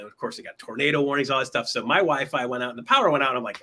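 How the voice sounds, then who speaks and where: A man's voice: mid-range voice, rapid-fire, few pauses, pushed and bright, a little hiss or hum. A man hosting a weekly online show, chatting in an upbeat, casual way with fillers and restarts. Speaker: host. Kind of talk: casual livestream talk show.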